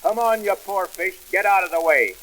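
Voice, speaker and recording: A man's voice: high-pitched, normal speed, a bit bright, rough recording. A man voicing a jovial, teasing friend who chuckles through his banter, in 1920s vaudeville comedy record style. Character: jovial male friend, nervous rider.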